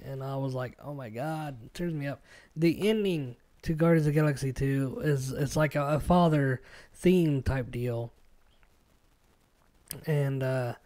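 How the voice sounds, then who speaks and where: A podcast host in his thirties chats casually with a slightly raised pitch. He rambles and swears freely and tells his stories with animated energy. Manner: rambling, profane, animated storytelling. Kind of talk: casual chat.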